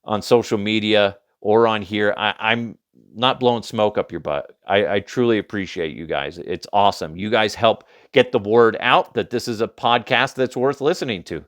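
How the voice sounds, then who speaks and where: A man's voice: fairly low pitch, normal speed, a bit bright. A man hosting a podcast, ranting casually and profanely through funny news headlines, often stumbling and restarting. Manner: rambling, profane, laughs at own jokes, does mocking voices. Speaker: podcast host. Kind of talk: casual comedic headline rant.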